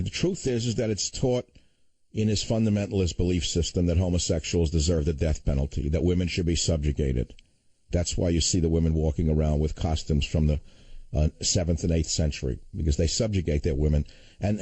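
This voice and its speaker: A man's voice: deep voice, dark tone, slightly rough, dry recording, poor audio. A man hosting a political talk radio show, ranting in a combative, insulting manner.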